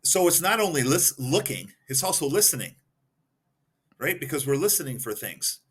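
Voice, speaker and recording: A man's voice: on the high side, big pitch swings, moderate pace, fairly bright tone, husky. A man talking as a guest expert on a podcast, explaining points one by one and giving examples. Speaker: guest expert in behavioral analysis.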